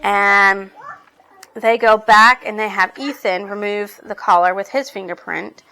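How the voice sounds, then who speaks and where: A woman's voice: medium pitch, steady tone, unhurried, sharp tone. A woman recapping a book's plot in a casual, rambling way, swearing now and then. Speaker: book reviewer.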